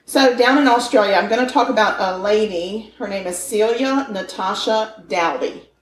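A woman's voice: mid-range voice, moderate pace, roomy sound, slight background noise, rough recording. A middle-aged woman co-hosting a podcast, chatting casually and telling a true-crime story with a playful, joking manner. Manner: playful, jokey, teasing. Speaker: podcast co-host.

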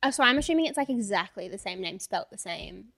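Bright bubbly Australian woman. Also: medium pitch, animated, fast talker, vocal fry. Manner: bubbly, laughs often, gives advice. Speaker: podcast co-host. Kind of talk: casual chat.

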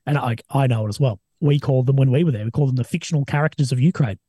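A man's voice: mid-range voice, racing, husky, no echo. A young Australian man, an army veteran guest, talking casually and swearing often as he acts out what other people said. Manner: swears a lot, animated retelling of others' words. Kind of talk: casual interview talk.

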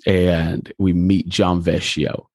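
A man's voice: low-pitched, slow, dry recording, clean studio sound. A pastor telling his story in a conversational interview, acting out the dialogue as he goes. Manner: animated storyteller, acts out dialogue.

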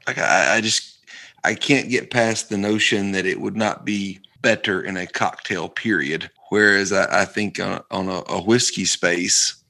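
A man co-hosting a casual tasting podcast, speaking in a halting, hesitant way. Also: low voice, steady tone, creaky, pushed and bright. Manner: halting, hesitant, many restarts. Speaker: podcast co-host.

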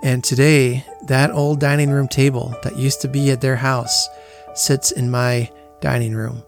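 A man's voice: medium pitch, level tone, unhurried, vocal fry, soft background music. A man hosting a podcast, speaking in an earnest, reflective way as he tells family stories in a casual monologue. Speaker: podcast host.

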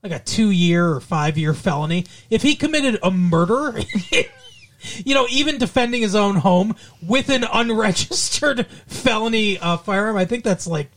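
A man co-hosting a casual podcast, retelling TV scenes with a lot of laughing and loud acted-out lines. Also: high voice, unhurried. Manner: animated, acts out scenes in loud silly voices, laughs often. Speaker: podcast co-host. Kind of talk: casual chat recapping a TV show.

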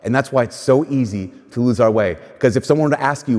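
This man's mid-range, slightly mellow voice moves at a quick pace with hardly any pauses. Preaching a casual sermon in long church reverb, he tells stories conversationally and performs the quoted voices.

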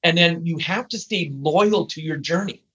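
High-voiced, husky older man telling stories. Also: moderate pace, dull audio. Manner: emphatic, blunt, energetic. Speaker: guest speaker and trainer. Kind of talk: animated storytelling interview.

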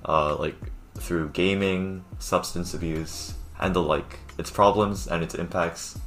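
A man's voice: deep voice, fairly even intonation, slow, fairly bright tone, soft background music. A young man co-hosting a casual podcast from home over a Zoom call, chatty and laughing with lots of fillers. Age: young adult. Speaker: podcast co-host.

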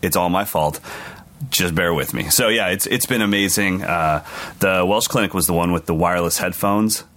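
A man from California, a touring drummer, telling animated stories over a remote call, often laughing. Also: deep voice, normal speed. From California, United States. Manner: animated, laughing storyteller, drops into quoted voices. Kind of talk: casual storytelling over a call.

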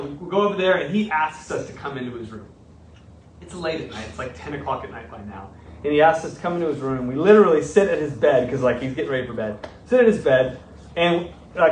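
A middle-aged man, a pastor, telling a story in a sermon with animated, self-mocking humor. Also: on the high side, a little hiss or hum. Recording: roomy, from a distance.

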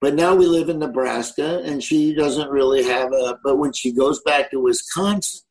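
A man's voice: mid-range voice, moderate pace, poor audio. Easygoing Southern-accented man in his 60s. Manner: easygoing, rambling storyteller. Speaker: comedian guest. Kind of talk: casual interview chat.

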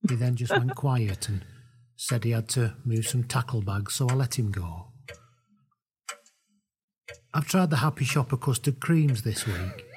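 A man voicing a lonely, sacked rugby coach in a deadpan, mournful comic monologue. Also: medium pitch, unhurried, long pauses, breathy edge. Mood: mopey.

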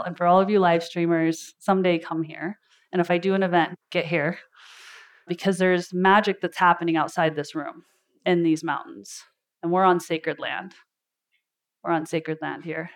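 A woman life coach giving a motivational talk at a live event indoors, chatty and storytelling, laughing often. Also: fairly low pitch.

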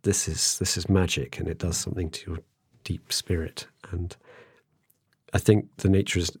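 A man's voice: low voice, level tone, moderate pace, darkish tone, breathy edge, dry recording, studio quality. A middle-aged man hosting a podcast, chatting casually and rambling with many restarts. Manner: rambling, restarts often, chuckles. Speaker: podcast host. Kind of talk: casual conversation.

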